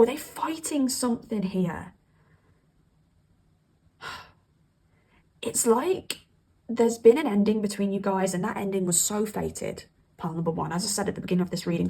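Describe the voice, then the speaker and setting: Woman tarot reader, casual and emphatic, husky gravelly voice. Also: medium pitch, a little mellow. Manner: chatty, emphatic, laughs often. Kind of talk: casual tarot reading to camera.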